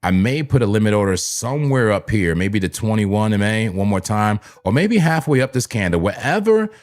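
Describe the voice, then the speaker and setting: Man from New Jersey, lowish voice, hyped and chatty livestream host who repeats his calls to viewers. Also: very animated, moderate pace. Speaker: livestream crypto trading host. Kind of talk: casual live-stream commentary.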